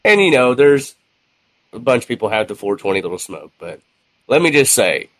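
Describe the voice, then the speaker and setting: A man tells a story from his gaming community in a loose, chatty way. He laughs often and keeps the telling lively. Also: mid-range voice, moderate pace, no echo, low-quality recording. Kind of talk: casual storytelling.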